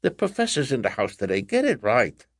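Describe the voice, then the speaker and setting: A man's voice: huge pitch swings, fairly quick, creaky, husky, dry recording, clean studio sound, full character voice. A man voicing a bossy, huffy stage witch with a Brooklyn accent, who shrieks and hisses her lines. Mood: hissing. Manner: shrill shrieks, hissed whispers.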